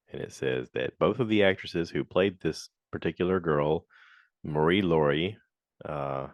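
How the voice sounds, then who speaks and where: A man hosting a casual solo podcast, rambling through reviews with lots of fillers and acted-out quotes. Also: no room sound. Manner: rambling and chatty, acts out quotes in high voices. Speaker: podcast host.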